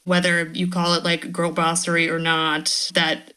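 A woman's voice: on the low side, monotone, measured pace, bright, forceful tone, clear, resonant tone. A woman who is a guest writer on a podcast, talking thoughtfully in casual chat and laughing now and then.

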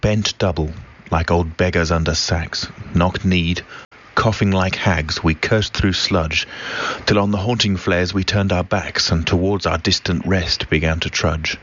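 A man reciting a poem in a grave, measured way, in a dull lo-fi recording with faint hiss. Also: sits low, steady tone, a bit bright. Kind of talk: poetry recitation.

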